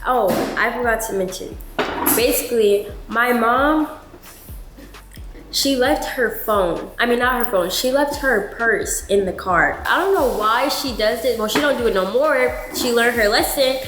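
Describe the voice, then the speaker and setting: A woman vlogger telling a story in a chatty, animated way, full of filler words. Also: fairly high pitch, measured pace, faint music behind. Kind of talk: storytime vlog. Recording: roomy with background noise.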